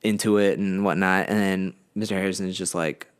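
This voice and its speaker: Young male podcast co-host, slightly low voice, loose and rambling storyteller. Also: a little fast, clean tone. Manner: rambling, animated retelling with acted-out quotes. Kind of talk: casual storytelling.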